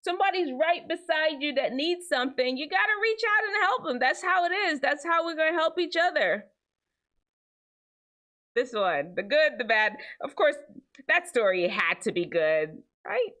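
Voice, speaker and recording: Animated woman commenting on viral clips. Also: sits high, normal speed. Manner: chatty, animated, talks to viewers as y'all. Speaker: host of a reaction show.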